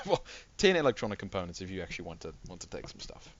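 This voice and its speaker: A man's voice: low voice, sing-song, quick pace, muffled recording. A man running a tabletop game as game master, describing scenes in rambling, self-correcting narration.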